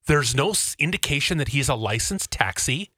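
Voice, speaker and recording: A man hosting a podcast, telling a story in a casual, animated way and acting out the people in it. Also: medium pitch, moderate pace, no room sound. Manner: animated, acts out others in his stories. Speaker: podcast host.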